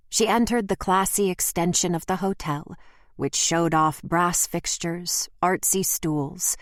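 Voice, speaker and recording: A woman narrating an audiobook in a steady, measured reading. Her voice sits on the low side. The recording is dry and close. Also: no echo. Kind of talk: scripted narration.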